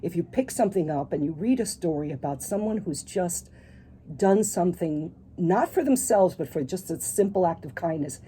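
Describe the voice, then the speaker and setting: A middle-aged woman, an author being interviewed on the radio, telling a personal story with animated quoted dialogue. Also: lowish voice, normal speed, a little hiss or hum. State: tearful at moments.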